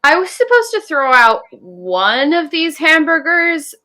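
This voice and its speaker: A woman's voice: sits high, sing-song, unhurried, bright, forceful tone. A woman from the Southern US, playing as a comedian panelist and trading dry one-liners on a comedy game show.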